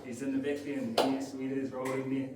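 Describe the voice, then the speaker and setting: A young man with a New Zealand accent giving a halting, emotional farewell speech, his voice choking up between fillers. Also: medium pitch, level tone. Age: young adult. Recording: echoey room, distant mic, loud noise.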